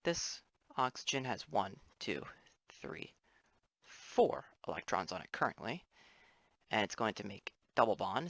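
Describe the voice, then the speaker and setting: A man's voice: medium pitch, sing-song, a little slow, long pauses, a bit bright, no echo. A young man, a student, giving a casual explainer lesson over his drawings, rambling with offhand apologetic asides. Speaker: student presenter.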